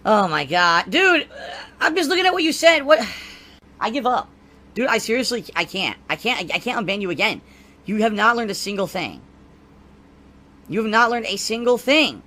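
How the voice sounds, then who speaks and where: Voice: medium pitch, big pitch swings, moderate pace, sharp tone. A streamer in a played clip, exasperated and frustrated while moderating the chat.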